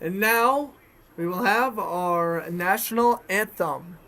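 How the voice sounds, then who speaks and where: A man with a Boston accent giving chatty, excited fan-made play-by-play commentary on a hockey game. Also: high voice, slow pace. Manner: excited, chatty, self-correcting. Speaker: sports commentator.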